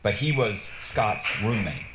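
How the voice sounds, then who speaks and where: A man streaming a casual story, animated and blunt, swearing freely and acting out the dialogue. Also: lowish voice, measured pace, reverberant, noisy background. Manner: animated, acts out quoted dialogue, frequent restarts. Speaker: streamer telling stories.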